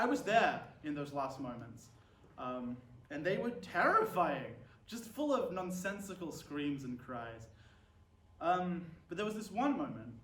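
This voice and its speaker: High-voiced man in a roomy, distant recording. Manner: sardonic, dark deadpan humor. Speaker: comedian. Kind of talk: stand-up comedy monologue. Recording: roomy sound from a distant mic with faint ambience.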